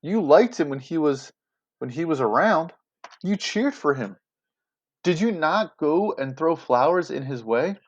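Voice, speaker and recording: A man's voice: on the high side, lively intonation, a little slow. A man voicing an indignant Roman official who angrily scolds a crowd with rhetorical questions, recorded with dull lo-fi audio. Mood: scolding.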